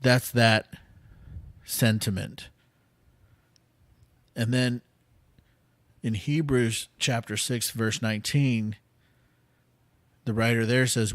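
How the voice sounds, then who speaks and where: A man with a fairly low voice, no room sound, hosts a podcast and delivers an earnest devotional. Casual, with fillers and restarts, he speaks slowly before climbing to impassioned pleas.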